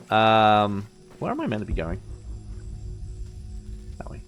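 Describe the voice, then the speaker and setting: A man's voice: fairly low pitch, expressive, brisk, pauses often, fairly bright tone. A man doing live gameplay commentary as a streamer, chatty and joking, often laughing and talking to his chat. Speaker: game streamer. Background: game audio and music.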